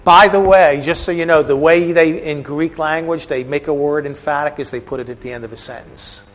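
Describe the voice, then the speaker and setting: A man's voice: on the high side, fairly even intonation, a little fast. A man teaching a bible class, explaining a passage with casual asides to the listeners. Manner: conversational, asides to the audience.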